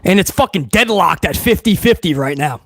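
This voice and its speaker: A man's voice: high voice, animated, a little fast, gravelly, fairly bright tone, no room sound, clean studio sound. A man hosting a live wrestling watch-along stream, ranting bluntly and swearing freely in casual commentary.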